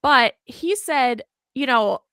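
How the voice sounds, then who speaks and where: A woman's voice: high voice, animated, slow pace, a bit bright, clear, resonant tone, no room sound. Impassioned woman guest, dry close sound. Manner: impassioned, emphatic and indignant. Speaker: guest author. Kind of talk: podcast conversation.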